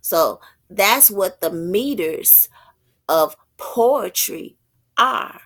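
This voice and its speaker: A woman teaching poetic meter in an informal spiritual talk, thinking aloud, slowing down to read terms and stumbling over unfamiliar words. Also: medium pitch, expressive, a bit bright.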